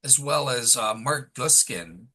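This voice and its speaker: Male podcast host, very bright, tense voice, easygoing, casual. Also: medium pitch, slow, low-quality recording. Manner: relaxed, casual fillers like "all right, cool".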